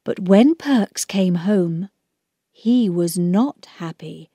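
Slow, careful female narrator for a children's book, dry close sound. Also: lowish voice, animated, dark tone, no echo. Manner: slow, clear, measured reading.

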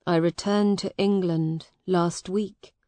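A woman voicing a kind, tired young soldier in a storybook reading, gentle and patient. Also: on the low side, steady tone, takes it slowly, dry recording.

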